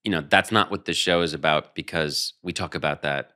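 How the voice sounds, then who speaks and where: A man with a very low voice talks through his views as an interview guest. He is earnest and emphatic, restarting phrases as he goes. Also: a little fast, sharp tone. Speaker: interview guest, human rights strategist. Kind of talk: conversational interview.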